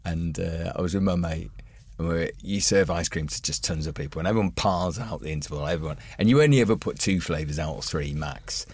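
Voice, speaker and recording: A man's voice: low voice, fairly quick, breathy edge, no echo. A man co-hosting a casual film chat, telling an anecdote with acted-out voices. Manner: animated anecdote teller, acts out voices. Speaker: podcast co-host.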